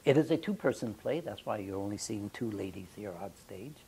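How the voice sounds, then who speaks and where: A man hosting a theater show, introducing a scene in a measured, informational way. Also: fairly low pitch, animated, warm tone, a little hiss or hum, low-quality recording. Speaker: host.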